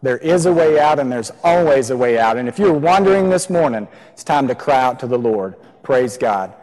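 A man's voice: mid-range voice, expressive, normal speed, a little mellow. A man preaching a sermon in a church, earnest, repeating key phrases for emphasis. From Texas. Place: church sanctuary. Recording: long reverb of a church hall.

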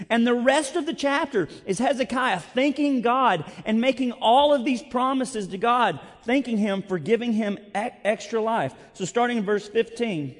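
A man's voice: very high voice, normal speed, hardly any pauses. A man preaching a sermon as pastor, conversational and self-deprecating, moving between storytelling and scripture reading. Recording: long reverb of a large hall.

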